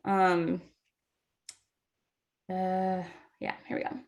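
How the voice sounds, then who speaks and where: Over a video call, a woman coaches new team members in a chatty, filler-heavy way, a casual training talk. Her voice is lowish and gravelly, her delivery completely flat and extremely slow.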